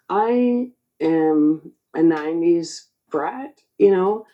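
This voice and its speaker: A woman in her forties hosting her own channel, speaking in an emotional spiritual monologue, choked up and halting. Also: low voice, highs cut off. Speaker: channel host.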